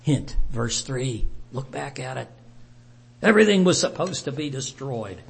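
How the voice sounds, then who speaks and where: A male Bible teacher unhurriedly retells scripture to his group, mixing in chatty asides and questions. His pitch rises and falls a great deal as he storytells. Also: expressive, measured pace, gravelly.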